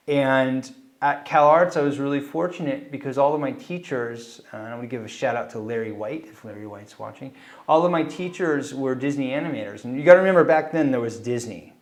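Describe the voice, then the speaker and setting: Middle-aged Californian man, casual interview storyteller, animated delivery that jumps into quoted voices. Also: on the high side. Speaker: animator and film director interviewee.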